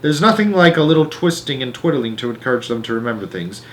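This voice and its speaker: A man's voice: mid-range voice, big pitch swings, fast, fairly bright tone. A man voicing a huge, bullying headmistress who bellows and sneers at a pupil, in a storybook reading. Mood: bellowing scorn. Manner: bellowing, scornful. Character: huge fierce female headmistress, bullying and domineering.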